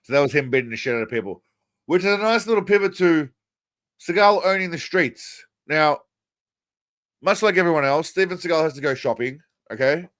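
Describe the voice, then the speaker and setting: A man's voice: fairly high pitch, expressive, fairly quick, a bit bright, no room sound. A man hosting a casual livestream, commenting on clips in a crude, mocking, rambling way. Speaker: livestream host.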